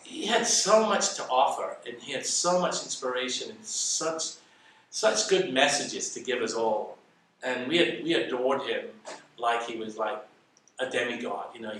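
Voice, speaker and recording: A man's voice: mid-range voice, pushed and bright, a little hiss or hum. Older man telling stories in an echoey room. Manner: reflective, self-deprecating storyteller. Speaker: interview guest, salon educator. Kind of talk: casual storytelling interview. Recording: echoey room, mic at a distance.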